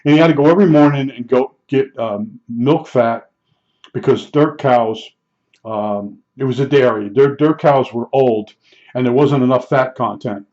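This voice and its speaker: An older man tells long, rambling stories from his life in a chatty, casual way, full of fillers and restarts. His mid-range voice has a darkish tone at normal speed, and the recording is dull and lo-fi.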